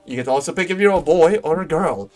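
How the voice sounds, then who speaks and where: A man's voice: on the high side, lively intonation, fast, a little mellow, soft background music. A man streaming a game live, making joking self-deprecating asides between dialogue.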